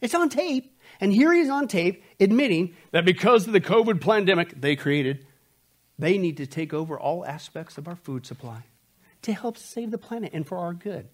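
A man teaching a Bible prophecy study, emphatic and sarcastic, with quick asides. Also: high-pitched, expressive. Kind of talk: sermon-style Bible study lecture.

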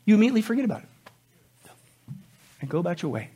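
Animated husky-voiced male pastor. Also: high-pitched, racing, highs cut off. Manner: animated, laughing asides, mock voices. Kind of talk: sermon.

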